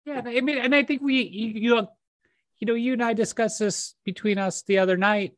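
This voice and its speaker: A woman's voice: on the high side, steady tone, normal speed, no room sound. A woman hosting a podcast, talking in a loose, encouraging way and full of "you know" fillers. The sound is dry and close, with no room around her voice. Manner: warm, encouraging, conversational with many fillers. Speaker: podcast host. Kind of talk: casual chat.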